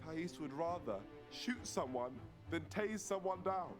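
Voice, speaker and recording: A man's voice: on the high side, lively intonation, unhurried, music in the background. A man hosting a game, asking questions in teasing, joking banter. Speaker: host.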